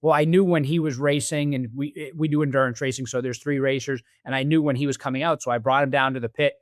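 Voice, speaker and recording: A man's voice: medium pitch, fairly even intonation, fast, no room sound, studio quality. A man as a podcast guest, telling stories and acting out quoted dialogue in a conversational interview. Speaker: podcast guest, business executive.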